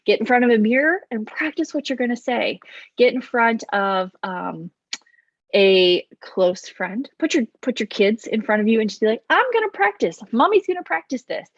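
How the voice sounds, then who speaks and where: Fast, loud woman coaching to camera. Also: a little high, no room sound. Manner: loud, fast, animated talker who talks with her hands. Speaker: business coach. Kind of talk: casual to-camera advice. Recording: dull, slightly lo-fi, dry sound.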